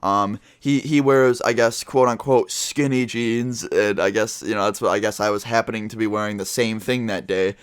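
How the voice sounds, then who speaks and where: Teen dude rambling thru a storytime, kinda low voice, dry close sound. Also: male voice, fairly even intonation, moderate pace, few pauses, clear, resonant tone, no echo. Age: teens. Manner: casual rambling with many fillers and swearing. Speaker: vlogger. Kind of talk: storytime vlog.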